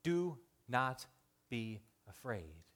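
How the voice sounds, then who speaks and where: A man in his thirties preaching with real passion, his voice climbing high and loud, then dropping to near quiet. He stumbles and restarts as he talks, and his pitch sits in a middle range for a man. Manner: swings from loud excited appeals to hushed emotional storytelling; halting restarts and stammers. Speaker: pastor. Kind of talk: sermon.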